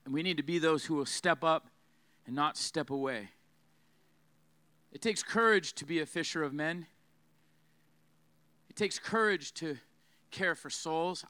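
A fiery male preacher with a high, bright, clear voice, driving his sermon hard and calling on the crowd to repeat after him. The sound is close and dry, with no room echo. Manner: fiery, emphatic, has the crowd repeat phrases.

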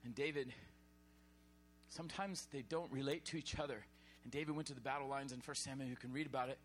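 A man preaching a sermon, animated and exhorting, sometimes shouting. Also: mid-range voice, fast talker, a little hiss or hum.

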